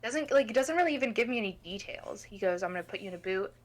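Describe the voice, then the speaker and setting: A woman's voice: medium pitch, quick pace, slight background noise. Young woman telling a story with lots of swearing. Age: young adult. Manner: animated, swears a lot, acts out quoted people. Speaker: podcast co-host. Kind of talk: casual storytelling chat.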